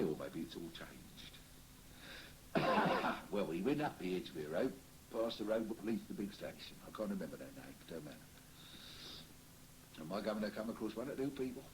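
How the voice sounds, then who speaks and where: A man's voice: on the low side, a little mellow, a little hiss or hum, low-quality recording. A man in a trance-séance recording, speaking as the spirit of a cheery old Cockney costermonger with a Cockney accent, rambling and chuckling as he chats. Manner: rambling, chuckling, folksy chat. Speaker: trance medium.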